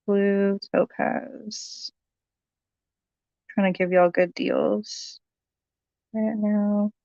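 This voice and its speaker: Chatty woman, smooth dull dry voice. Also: medium pitch, flat delivery, drawn-out words, dark tone, dry recording. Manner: chatty, many ums, thanks viewers by name. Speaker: live-sale jewelry seller. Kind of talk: casual livestream selling.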